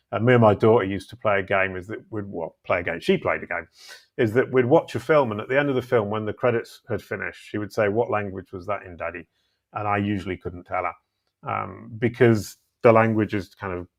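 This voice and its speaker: A middle-aged man chatting as a guest, telling stories in a relaxed, self-deprecating way. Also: lowish voice. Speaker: podcast guest. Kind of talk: casual conversation.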